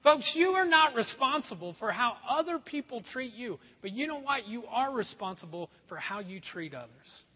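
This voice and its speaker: Animated male pastor preaching in a hall. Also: extremely high pitch, moderate pace, few pauses, slightly rough. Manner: animated, acts out voices for laughs. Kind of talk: sermon. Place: church sanctuary. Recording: echoey hall, dull sound.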